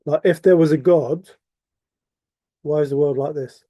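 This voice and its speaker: A man's voice: a little high, fairly even intonation, normal speed, warm tone, no echo. A man delivering an impassioned, repetitive monologue full of rhetorical questions. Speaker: vlogger.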